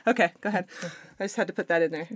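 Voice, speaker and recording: A woman's voice: lowish voice, rapid-fire, dry recording. An American woman, a podcast guest, talking candidly and animatedly and laughing often. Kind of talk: casual podcast interview.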